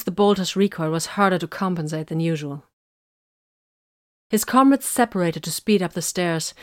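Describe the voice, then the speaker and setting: A woman narrates a fantasy action story in a steady, measured way. Her voice sits somewhat low. The recording is dry and close, with no room sound. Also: no echo. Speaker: audiobook narrator. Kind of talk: scripted narration.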